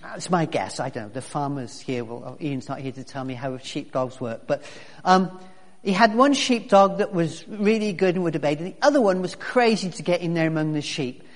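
A man's voice: on the high side, animated, normal speed. A man preaching a sermon as pastor, chatty and full of restarts. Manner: conversational, with many restarts and fillers. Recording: long reverb of a large hall.

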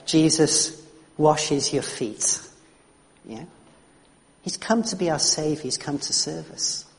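Preacher in a reverberant church. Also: male voice, fairly high pitch. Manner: conversational, restarts and repeats words. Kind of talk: sermon with storytelling.

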